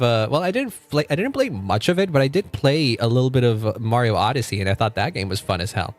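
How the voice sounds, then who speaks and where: A man's voice: mid-range voice, animated, fast talker, hardly any pauses, soft background music. A young man streaming a game from home, chatting casually, swearing freely and laughing often. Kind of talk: casual gaming livestream chat.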